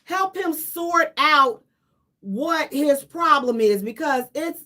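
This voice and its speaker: A woman radio host giving casual, animated commentary, emphatic and repeating herself for effect, with laughs between lines. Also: high voice, slow.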